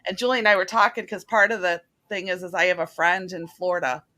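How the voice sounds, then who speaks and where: A middle-aged woman hosts a casual spiritual talk show, talking in an earnest, animated, chatty manner. Her voice sits fairly low and she speaks fast.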